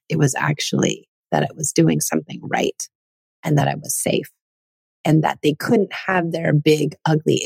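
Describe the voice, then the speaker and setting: A woman's voice: low voice, vocal fry, darkish tone, no echo. A middle-aged woman hosting a podcast, telling personal stories in an earnest, casual way. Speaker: podcast host. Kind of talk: casual solo podcast talk.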